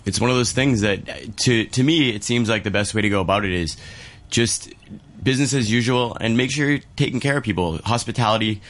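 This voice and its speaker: A man's voice: medium pitch, a little fast, fairly bright tone. A man, a chef and restaurateur, chatting on the radio in a rambling, easygoing way. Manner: rambling, easygoing, many fillers. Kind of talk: casual radio chat.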